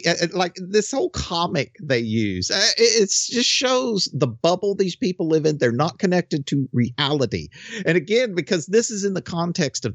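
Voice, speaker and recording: A man's voice: on the high side, no echo, lo-fi sound. An older man, the co-host, giving blunt, scornful opinionated commentary.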